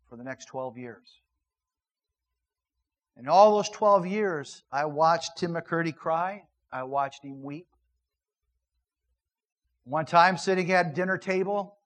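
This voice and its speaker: A middle-aged man preaching from the pulpit in a slightly raised, tenor-leaning voice. He swings between loud, emphatic declarations and quiet, earnest storytelling. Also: on the high side, low-quality recording. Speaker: pastor. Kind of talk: sermon with personal story.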